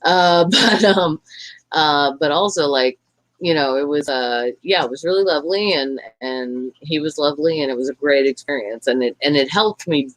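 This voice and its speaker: A woman's voice: deep voice, moderate pace, no room sound, low-quality recording. A young woman with a Southern American accent, talking frankly and profanely in a rambling casual chat as podcast co-host. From Tennessee.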